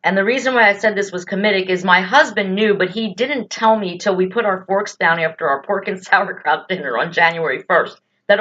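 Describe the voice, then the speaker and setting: A woman's voice: mid-range voice, a little fast, few pauses, pushed and bright. Woman vlogger with an ordinary mid-range voice, blunt and exasperated, on a slightly dull lo-fi track. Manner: blunt, exasperated, with rhetorical questions and swearing. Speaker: political vlogger. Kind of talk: indignant political commentary.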